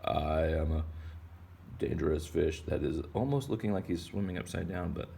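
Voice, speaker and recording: A man's voice: extremely low pitch, moderate pace, creaky, warm tone, slight background noise. A cocky male horned fish, played by a man, brags in a raised, giggly cartoon voice. The delivery is playful and loose, like a kids' doodle come to life. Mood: boastful.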